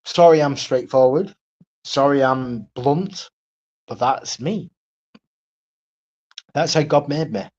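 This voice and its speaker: A man's voice: medium pitch, slow, pauses often, darkish tone, lo-fi sound. A man ranting on his own live stream, blunt and profane, repeating himself and asking "right?" again and again. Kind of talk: solo livestream rant.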